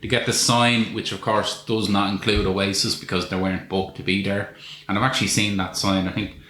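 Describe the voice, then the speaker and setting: A man's voice: lowish voice, little pitch movement, fairly quick, pushed and bright. A man co-hosting a podcast, reviewing a film in a casual, wry and sweary way. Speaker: podcast co-host. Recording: echoey room with faint noise.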